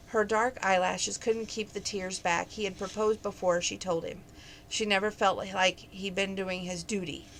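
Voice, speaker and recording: Woman reading a romance aloud, casual and chatty, mid pitch, faint hiss. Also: little pitch movement, moderate pace, fairly bright tone. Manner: plain, conversational, chatty asides to listeners. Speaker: book reader.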